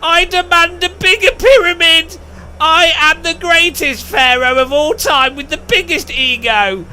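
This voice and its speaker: A man voicing a pompous ancient pharaoh who demands ever bigger monuments, slow and booming. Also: sharp tone, heavily acted. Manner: slow, booming, self-important.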